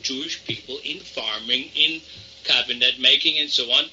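A man from southern Germany with a German accent, answering interview questions in a measured, explanatory way. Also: medium pitch, sharp tone, slight background noise. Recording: dull lo-fi archival audio.

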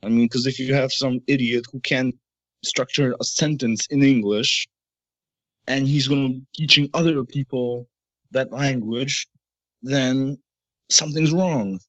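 A man talks through his points in a halting, rambling way, full of fillers and restarts. His voice sounds a little muffled and dry, with no room echo. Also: medium pitch. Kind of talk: casual discussion.

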